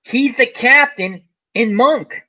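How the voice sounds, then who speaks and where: A man's voice: very high voice, slow pace, lo-fi sound. A man hosting a casual chat, telling stories animatedly and acting out the quotes. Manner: animated storyteller, acts out quotes. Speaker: host.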